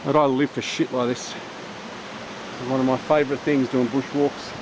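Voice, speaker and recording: A man talks to his action camera while hiking in a bush gorge, narrating each step in an easy, chatty way. His voice sits in a middle range, and the audio is muffled with clear outdoor noise behind it. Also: mid-range voice, little pitch movement, a little slow. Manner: chatty, self-narrating on the move. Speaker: bushwalking vlogger. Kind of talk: casual outdoor vlog.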